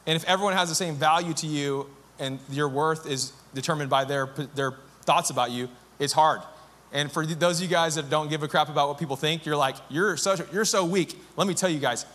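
A man in his thirties, a pastor giving a conversational, self-deprecating and animated sermon. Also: fairly high pitch, fairly quick.

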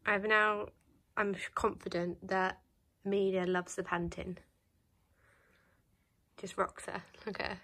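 Woman, soft cooing pet talk, breathy, slow, lively pitch, at home. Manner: soft, sing-song cooing. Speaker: dog owner filming her pets. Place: home, indoors.

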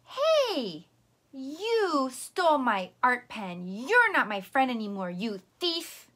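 A woman teacher acting out a child loudly yelling at a friend. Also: sits high, very animated, takes it slowly, voice pushed up, exaggerated voice. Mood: angry yelling. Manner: loud, accusing.

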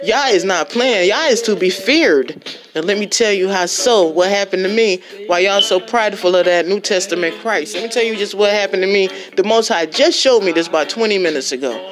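A woman's voice: mid-range voice, brisk. Fervent woman preaching over music. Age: adult with a child and parents. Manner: fervent, exhorting, repetitive. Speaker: religious vlogger. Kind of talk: impassioned preaching testimony.

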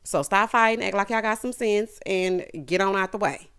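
A woman giving a casual, sassy recap of a reality show, with animated asides to the viewer. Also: medium pitch, moderate pace, smooth.

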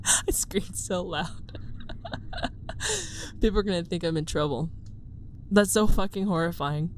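A woman's voice: fairly low pitch, normal speed, a little mellow, slight background noise. A young woman hosting a horror game let's-play, jumpy and swearing, who keeps dropping into a whisper and laughs nervously. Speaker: gaming video host. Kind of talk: casual let's-play commentary.

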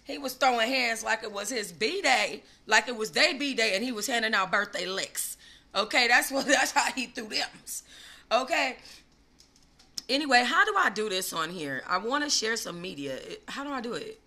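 Bright-voiced animated woman host. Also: moderate pace. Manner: animated and slangy, swinging between loud gushing and low asides. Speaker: gossip channel host. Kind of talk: casual live-stream commentary.

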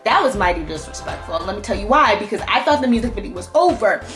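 A young woman reacting to a music video, gushing and squealing like an excited fangirl, talking fast when worked up. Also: medium pitch. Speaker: YouTube reactor. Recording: echoey room with music playing behind. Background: music video playing.

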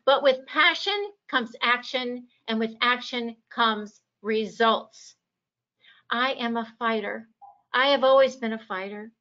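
Taking it slowly, this candidate from Virginia speaks in a fairly high, pushed, bright voice. Her campaign speech at the forum is passionate and emphatic, though the lo-fi recording sounds dull.

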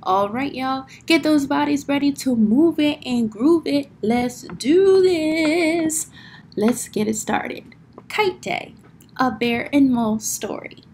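A woman teacher reads a picture book aloud to a class of children, her voice pitched high and her delivery slow and unhurried. She acts out every sound word with energy and keeps stopping to ask the children questions. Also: a little mellow, slight background noise.

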